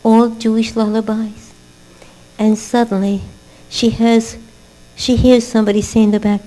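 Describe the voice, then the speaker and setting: A woman's voice: little pitch movement, unhurried, long pauses, mellow, poor audio. An older woman teaching a Torah class as a sermon, asking rhetorical questions, weaving in a family story, and building to emphatic exhortations. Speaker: religious teacher. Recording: low mains hum.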